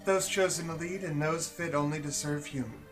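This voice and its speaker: A man's voice: fairly high pitch, steady tone, moderate pace, over music, pitched above the performer's own voice, lightly acted. A man voicing a haughty, cruel noblewoman in a game, with clipped, contemptuous delivery. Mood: scornful.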